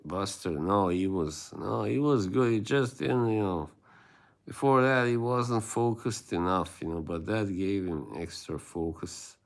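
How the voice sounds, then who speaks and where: A man's voice: on the low side, measured pace, creaky. A man hosting a livestream, rambling in casual chat with his viewers and laughing often. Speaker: livestream host.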